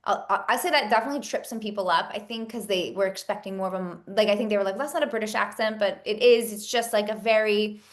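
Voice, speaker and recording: A woman's voice: mid-range voice, quick pace, few pauses. A woman in her thirties, an actress and producer, chatting in an interview and rambling with many fillers and restarts. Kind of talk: casual interview chat.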